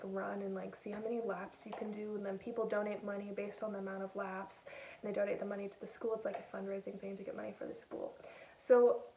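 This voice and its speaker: A woman's voice: a little high, darkish tone, echoey room. Chatty young woman on a distant phone. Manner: chatty, self-deprecating, acts out her own quotes. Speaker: vlogger. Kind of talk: casual storytelling. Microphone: old phone.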